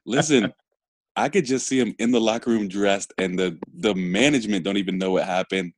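A man's voice: on the low side, fairly quick, dry recording. A man co-hosting a podcast, joking around in a playful, casual way. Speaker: podcast co-host. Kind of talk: casual chat.

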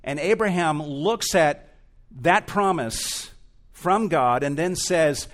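A man's voice: fairly high pitch, takes it slowly. A male pastor preaching an expository sermon in a church, earnest and emphatic, rising and falling in intensity.

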